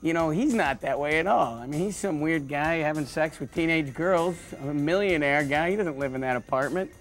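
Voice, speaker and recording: A man's voice: fairly high pitch, normal speed, faint music behind. Stammering comic man with a raised voice. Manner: rambling, stammering deadpan jokes. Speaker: stand-up comedian. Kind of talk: joking interview monologue.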